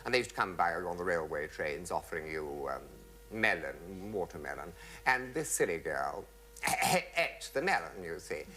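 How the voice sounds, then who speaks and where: Stage raconteur, male, very animated pitch, bright crisp tone, studio audience laughing. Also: moderate pace, slight background noise. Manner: theatrical, swooping voices for quoted people. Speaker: comedian telling anecdotes. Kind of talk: stage anecdote before an audience.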